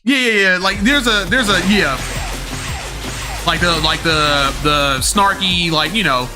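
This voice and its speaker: A man's voice: sits high, a little slow, over music. A young man streaming a game, chatting to his viewers in a rambling, slangy way, with lots of fillers and the odd swear word. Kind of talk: live-stream chat with viewers.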